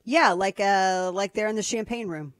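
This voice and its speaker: A woman's voice: mid-range voice, moderate pace, no room sound, studio quality. A woman hosting a political talk radio show, speaking casually with a sarcastic, mocking edge. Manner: sarcastic, mocking, lively asides.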